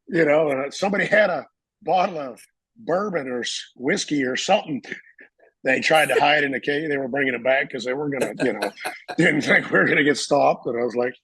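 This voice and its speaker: A Marine veteran telling a story in a casual interview, acting out the voices of people in it and laughing often. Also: male voice, a little high, fairly bright tone, breathy edge, dry recording, rough recording.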